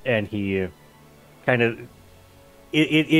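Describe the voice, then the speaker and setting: A man's voice: medium pitch, expressive, slow pace, fairly bright tone, soft background music. A man playing a tabletop game, describing his character's actions hesitantly with many fillers and restarts. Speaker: player.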